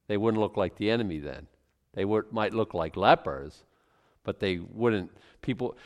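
A man preaching a sermon, reading scripture aloud and commenting in an animated way, chuckling often and restarting his sentences. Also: fairly low pitch. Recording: long reverb from a large hall.

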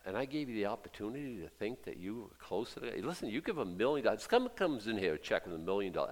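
A middle-aged male pastor delivers an animated, emphatic sermon, sinking into hushed asides and then rising into loud bursts. His voice is lowish, and he talks fast with few pauses.

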